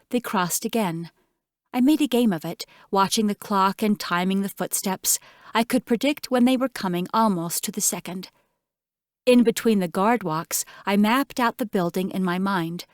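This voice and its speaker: A woman narrating an audiobook in first person, with measured, tense storytelling. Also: medium pitch, no room sound, clean studio sound.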